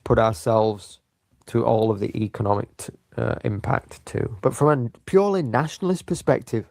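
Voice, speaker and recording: A man's voice: mid-range voice, normal speed, creaky, a little mellow, no room sound, studio quality. A young English man making an earnest, sarcastic argument in a debate. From England. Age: young adult. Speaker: commentator in a played clip.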